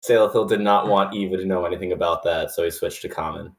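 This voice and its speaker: A man's voice: sits low, fairly even intonation, fast, reverberant. A man chatting casually as a player in a tabletop game, wry and joking. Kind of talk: casual chat.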